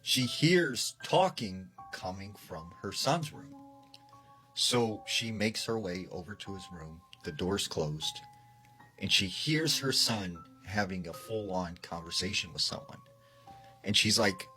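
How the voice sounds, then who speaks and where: Low male narrator, casual storytelling tone, soft music bed. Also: lively intonation, slow, low-quality recording. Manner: conversational, chatty narration. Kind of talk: retold horror storytime. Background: faint background music.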